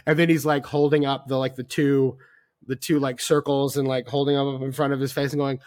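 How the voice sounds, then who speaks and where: A man's voice: mid-range voice, little pitch movement, a little fast, a little mellow, no room sound, studio quality. A man co-hosting a casual film podcast, talking with rambling enthusiasm, full of fillers and casual swearing. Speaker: podcast co-host.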